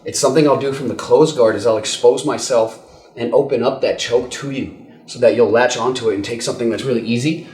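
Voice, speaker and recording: Man, mid-pitched, laid-back grappling coach, roomy gym sound, strained breathing under a choke. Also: fairly even intonation, a little fast, darkish tone. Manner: casual, repeats words and says "okay?" often. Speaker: jiu-jitsu instructor. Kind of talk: instructional technique demo. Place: training gym, indoors.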